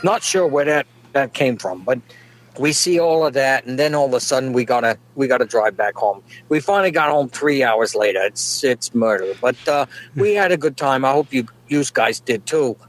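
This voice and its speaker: A man's voice: mid-range voice, lively intonation, moderate pace. Folksy rambling New man. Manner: folksy, rambling, chuckles at own jokes. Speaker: comedic podcast guest. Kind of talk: rambling comedic monologue.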